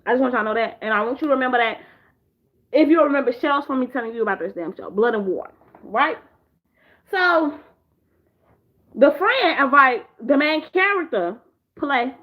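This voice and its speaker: A woman's voice: high-pitched, moderate pace, pauses often, muffled recording. A young woman chatting casually about shows she watched, swearing freely and acting out characters. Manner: animated, acts out characters in squeals, swears a lot. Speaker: vlogger reviewing shows. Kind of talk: casual chat, profane storytelling. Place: sitting in a chair at home.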